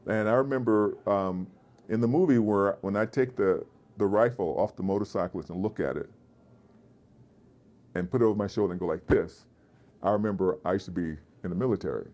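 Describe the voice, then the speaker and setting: A man, an actor being interviewed, with a deep resonant voice, telling animated stories and slipping into voices. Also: brisk. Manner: animated storyteller, slips into voices. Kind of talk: casual interview chat. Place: festival convention floor.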